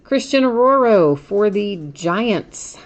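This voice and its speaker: A woman's voice: mid-range voice, animated, slow. A woman hosting a card break, chatting casually as she names each card she pulls and laughs at her own slips.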